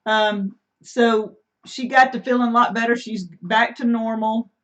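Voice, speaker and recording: A woman's voice: on the high side, fairly even intonation, measured pace. A middle-aged woman, co-hosting a casual homestead live stream, chatty and reading out viewer comments. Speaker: homesteading channel co-host. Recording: dull lo-fi stream audio.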